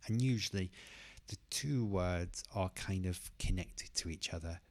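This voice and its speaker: A man teaching English pronunciation, who says each word slowly and carefully and repeats it twice. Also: low voice, darkish tone. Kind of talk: pronunciation lesson.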